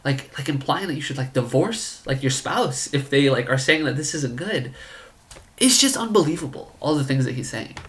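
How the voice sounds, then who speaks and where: A man's voice: medium pitch, moderate pace, hardly any pauses. Man, comedic storytelling, rambling, incredulous, filler-heavy.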